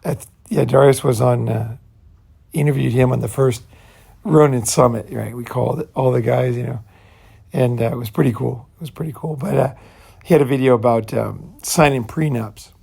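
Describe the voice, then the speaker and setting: A man with a gravelly, fry-heavy voice at an ordinary middle pitch talks in a casual, meandering monologue. He speaks bluntly and swears now and then. He keeps checking in with "you know" and "right". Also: fairly even intonation, moderate pace, a little mellow. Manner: loose, repetitive, peppered with "you know" and "right"; blunt, profane. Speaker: channel host.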